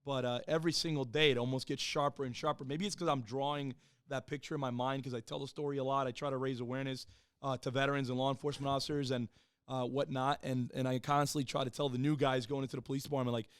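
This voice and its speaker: Fast-talking, clear-voiced man telling his story. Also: medium pitch, no echo, studio quality. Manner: animated, profane, acts out the voices of people he quotes. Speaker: podcast guest, former Marine and police officer. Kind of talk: casual storytelling on a podcast.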